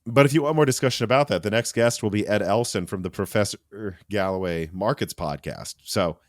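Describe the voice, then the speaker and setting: A man hosting a casual tech podcast, talking in an animated, rambling way with restarts and asides. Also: fairly low pitch, brisk, no echo, studio quality. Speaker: podcast host.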